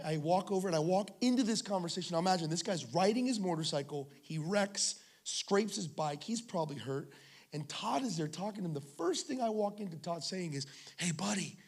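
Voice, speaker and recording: A male pastor with a high-sitting, darkish voice preaches in an animated way, a little fast, at a church service held in a school. His sermon is full of humorous stories and jokes with the congregation.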